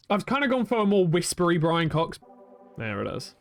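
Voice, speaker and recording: Animated man streaming a game. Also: high-pitched, brisk, gravelly, soft background music. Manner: animated, chatty and self-mocking. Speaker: streamer playing a video game. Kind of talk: live gameplay commentary.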